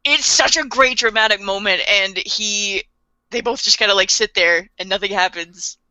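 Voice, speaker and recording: Bright, giggly woman on a dull mic. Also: medium pitch, moderate pace, dry recording. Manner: giggly, acts out characters' lines in quotes. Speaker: podcast co-host. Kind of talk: casual podcast chat recapping anime.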